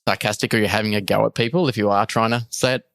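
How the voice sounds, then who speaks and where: A man's voice: fairly low pitch, fairly even intonation, very fast, gravelly, a bit bright, no echo, clean studio sound. An Australian man, a coffee roaster guest, speaking earnestly and thoughtfully in casual chat.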